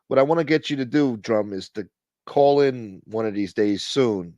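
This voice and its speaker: A man hosting a casual livestream, thanking donors and shouting out viewers by name in a profane, joking way. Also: medium pitch, moderate pace, dry recording, dull audio. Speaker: livestream host. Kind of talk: casual live chat reading donations.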